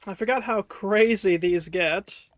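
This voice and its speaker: A woman's voice: mid-range voice, unhurried, no room sound. A woman streamer chatting casually while playing a game, thinking aloud and correcting herself as she goes.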